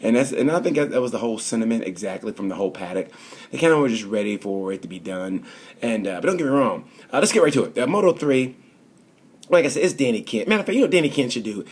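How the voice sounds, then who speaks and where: A man's voice: medium pitch, very animated, quick pace, slightly rough. A man casually reviewing a motorcycle race in a rambling, chatty way. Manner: rambling, chatty, full of fillers and restarts. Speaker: motorsport vlogger.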